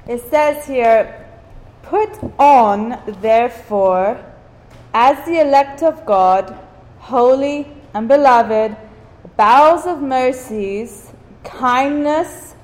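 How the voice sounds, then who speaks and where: A woman's voice: high-pitched, very slow, long reverb tail. A woman teaching the Bible to a small group in a room, chatty and often asking "okay?", laughing now and then at her own stories.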